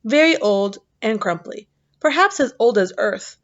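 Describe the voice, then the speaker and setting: A woman voicing a huge, kindly old male giant who speaks in slow, jumbled, booming sentences for a storybook reading. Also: lively intonation, muffled recording. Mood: earnest. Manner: booming, drawn-out, jumbled grammar.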